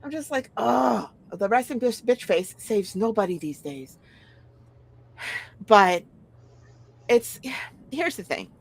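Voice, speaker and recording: Middle-aged woman, gravelly mid-pitched voice, blunt and profane, sighs a lot, casual chat. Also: animated, slow pace, long pauses.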